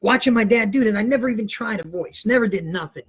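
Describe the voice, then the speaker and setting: A man in his fifties, appearing as a podcast guest, tells a rambling comic story and acts out the voices of its characters. His voice is high, fast, and slightly rough, and he's an animated, rambling storyteller.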